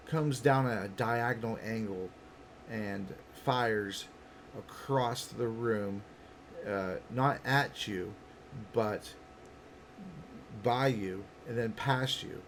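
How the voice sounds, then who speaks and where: Male game master, slow and deliberate, faint hiss in the room. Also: on the low side, creaky. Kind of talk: narrating a tabletop game.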